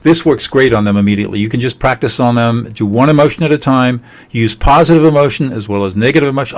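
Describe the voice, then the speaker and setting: A man giving a webinar presentation as an emotional intelligence trainer, earnest and measured, his voice softening as he lists emotions. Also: mid-range voice, expressive.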